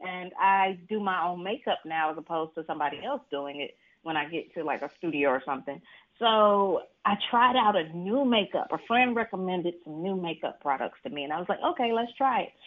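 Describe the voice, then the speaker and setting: A woman from Mississippi, an author, telling stories in an animated way from home, laughing often and acting out what people said. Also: a little fast. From Mississippi, USA. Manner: animated, laughs often, acts out quotes in a higher voice. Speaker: author being interviewed. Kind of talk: casual storytelling interview. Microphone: video call. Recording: tinny video-call audio.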